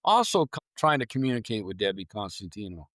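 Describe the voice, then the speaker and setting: A man's voice: on the low side, brisk, no echo, studio quality. A man telling ghost-hunting stories casually as a podcast guest, acting out his own reactions as he goes. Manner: animated storyteller, acts out his own reactions. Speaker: paranormal investigator guest.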